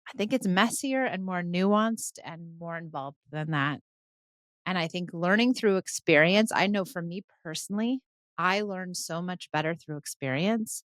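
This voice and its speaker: A woman's voice: fairly low pitch, normal speed. A woman hosts a parenting podcast, talking alone in an earnest, conversational way. She now and then slips into short acted-out lines of a parent or child. The sound is dry and close, with no room echo. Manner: earnest, conversational, acts out parents and kids in asides. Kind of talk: reflective solo talk.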